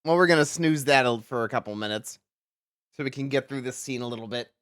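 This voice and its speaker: Clear-voiced male game streamer. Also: mid-range voice, fast, fairly bright tone, dry recording, clean studio sound. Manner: rambling, joking, frequent restarts. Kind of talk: casual gameplay commentary.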